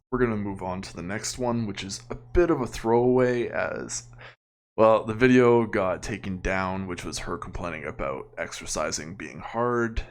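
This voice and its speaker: A man with a notably low voice hosts an offhand reaction commentary. He talks casually and opinionatedly, chuckling often as he goes. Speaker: commentary channel host.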